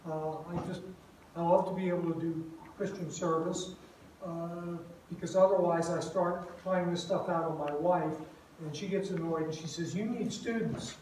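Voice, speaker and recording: An older retired man giving a relaxed, self-deprecating talk with frequent fillers to a campus group. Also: a little high, moderate pace, a little hiss or hum. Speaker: guest speaker. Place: large echoey room. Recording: echoey room, far from mic.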